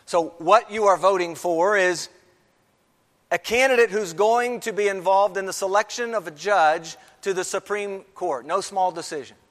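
A man's voice: high voice, moderate pace, a bit bright. A man preaching a sermon, emphatic and repeating key phrases for stress. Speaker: pastor. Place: church sanctuary. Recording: long reverb of a large hall.

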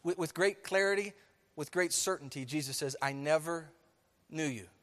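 A man preaching a sermon to his church, emphatic, swinging from soft to loud. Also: fairly high pitch, normal speed, big-room sound. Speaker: pastor. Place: church sanctuary.

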